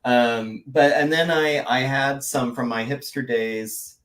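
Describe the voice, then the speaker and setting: Rambling, animated male storyteller. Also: mid-range voice, slow pace, rough recording. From American West. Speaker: guest voice actor and artist. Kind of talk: casual podcast chat.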